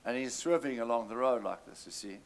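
A man's voice: medium pitch, fairly quick. A man preaching a sermon, telling a story animatedly and calling out to his congregation.

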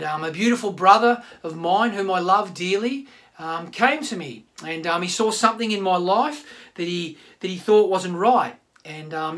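A pastor giving a sermon, asking the congregation rhetorical questions. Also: medium pitch. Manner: animated preaching with rhetorical questions.

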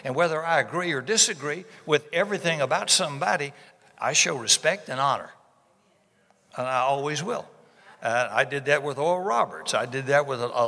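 A man preaches in a bright, forceful voice with folksy emphasis, hammering repeated words for effect. His tone sits a little high for a man. The sound carries the long reverb of a church sanctuary. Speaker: pastor. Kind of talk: sermon.

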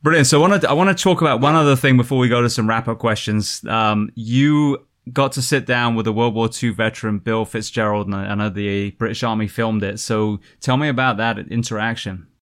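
A man hosting an interview, asking brisk, direct questions. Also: medium pitch, steady tone, fairly bright tone. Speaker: podcast host.

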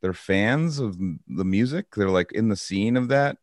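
Deep-voiced man in dry close chat. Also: lively intonation, normal speed, dry recording. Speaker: touring musician. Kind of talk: casual chat.

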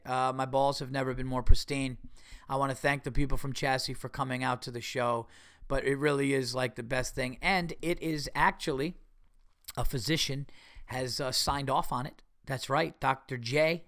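Podcast host, male, smooth clear voice, mid pitch, loose profane rambler full of fillers. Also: fairly bright tone. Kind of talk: casual solo podcast talk.

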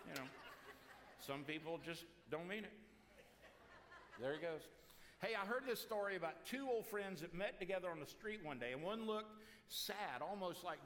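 A man's voice: a little high, fairly bright tone, in a large hall. A man preaching a sermon as pastor, folksy and joking, calling out to people in the room. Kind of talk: sermon with a joke. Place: church sanctuary.

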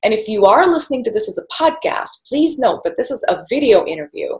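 A woman hosting a video podcast interview over a video call, encouraging and lively. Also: fairly high pitch, fast talker. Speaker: interview host. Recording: roomy echoey sound.

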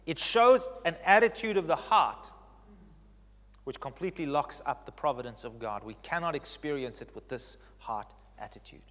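A man preaching in a large church hall, his fairly high voice trailing off into a long reverb. He stresses key phrases by repeating them and swings between loud declarations and near-hushed lines. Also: expressive, normal speed. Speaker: pastor. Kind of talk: sermon.

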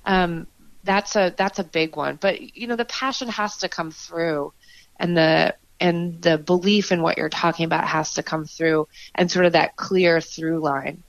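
Woman, podcast guest, low, earnest and reflective, muffled dry recording. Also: steady tone, a little slow, no room sound. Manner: earnest, reflective, with frequent "um"s and restarts. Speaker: podcast guest, improv performer. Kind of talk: conversational interview.

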